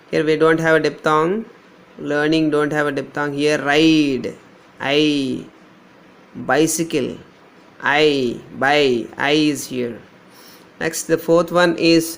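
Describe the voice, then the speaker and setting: A man with a Telugu-Indian English accent teaching pronunciation, slowly repeating and modelling each sound. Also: a little high, steady tone, gravelly. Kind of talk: pronunciation lesson.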